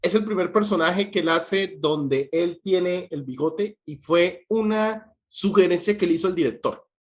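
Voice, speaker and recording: A male interview host with a slightly high voice who moves between Spanish and English. He is quick to laugh and keeps things light. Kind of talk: casual bilingual interview.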